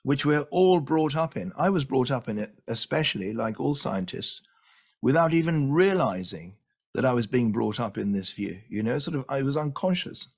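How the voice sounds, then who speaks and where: A man gives an enthusiastic lecture, often doubling words as he presses a point. His voice has a gravelly, fried texture. It rests at an ordinary middle pitch. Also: expressive, normal speed, a little mellow. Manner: enthusiastic, repeats words for emphasis. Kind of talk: illustrated lecture.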